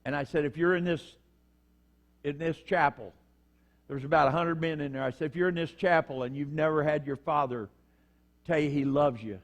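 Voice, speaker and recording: An older man delivers a sermon in a folksy, storytelling way. His voice sits a little high for a man, and he slips into the voices of the people in his stories. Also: fairly quick. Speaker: pastor.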